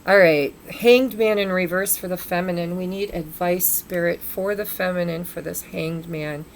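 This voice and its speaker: A woman with a low, gravelly voice gives a casual tarot reading, thinking aloud as she turns over cards. She speaks to spirit and to her viewers in turn, over a faint hiss behind her. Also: fairly even intonation, normal speed. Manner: muses aloud while drawing cards, addresses spirit and viewers. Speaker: tarot reader.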